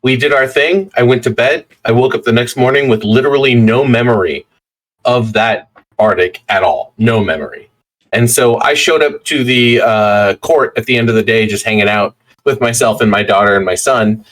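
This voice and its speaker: A man's voice: mid-range voice, moderate pace, rough recording. A man chatting casually and telling anecdotes as a player in a tabletop game.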